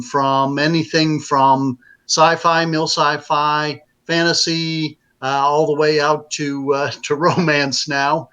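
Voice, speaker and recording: A man's voice: on the high side, a bit bright. A man, a publisher and author, telling a story in a casual interview, rambling with many fillers and restarts.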